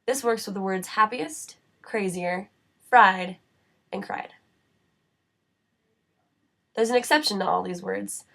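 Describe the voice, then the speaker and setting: A woman giving scripted instructional narration for a spelling lesson, reading rules and slowing down for word lists. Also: mid-range voice, vocal fry, fairly bright tone. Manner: measured, reads word lists slowly. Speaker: writing center instructor.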